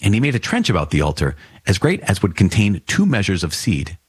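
A man narrating scripture in a steady, measured reading. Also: low voice, husky, dry recording.

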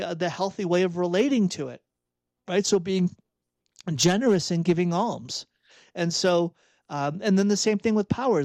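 A man's voice: high-pitched, a little mellow, no room sound. A man reflecting earnestly on faith, asking rhetorical questions as he preaches. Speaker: Catholic speaker and author.

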